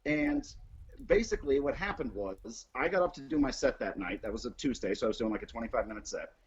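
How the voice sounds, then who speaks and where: Guy hosting a live stream telling a story, husky, does voices for everyone, kinda muffled audio. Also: fast. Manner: animated, acts out quotes with big pitch jumps, swears freely. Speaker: host. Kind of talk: casual storytelling chat. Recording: dull lo-fi sound.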